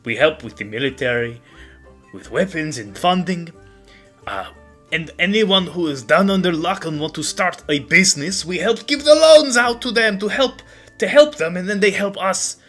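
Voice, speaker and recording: A man's voice: sits high, expressive, moderate pace, a bit bright, faint music behind, pitched above the performer's own voice. A man voicing a big, cheerful, boisterous man who is overly friendly and smug. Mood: boastful.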